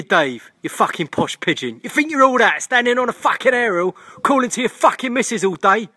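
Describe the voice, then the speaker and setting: Man, comic rant, swearing, high voice, dry sound. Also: animated, brisk, hardly any pauses, slightly rough, dry recording. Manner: foul-mouthed, swings between shouting and muttering.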